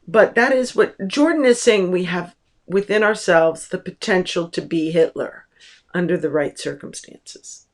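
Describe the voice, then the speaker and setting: A woman teacher giving a lecture on a book, explaining slowly and deliberately with pauses, recorded at home. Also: fairly low pitch.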